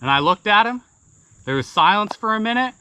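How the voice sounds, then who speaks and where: Man, folksy tall-tale teller, slightly high and bright voice, loose rambling delivery packed with fillers. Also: very animated, brisk, smooth, no echo, dull audio. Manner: casual, rambling, many fillers. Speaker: storyteller.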